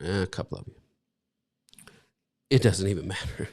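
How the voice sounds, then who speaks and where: Gravelly-voiced man preaching a sermon. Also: deep voice, moderate pace, darkish tone, big-room sound. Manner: preaching with rhetorical questions, emphatic and conversational. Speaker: pastor.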